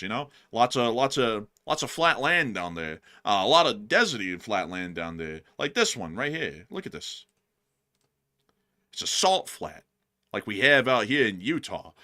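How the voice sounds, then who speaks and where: A man's voice: mid-range voice, sharp tone. A man hosting a casual live stream, upbeat and chatty, thanking supporters at length. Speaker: host.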